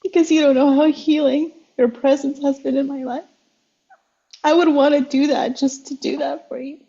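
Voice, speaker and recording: Gentle, halting woman guest. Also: high voice, fairly even intonation, highs cut off. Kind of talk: heartfelt casual chat.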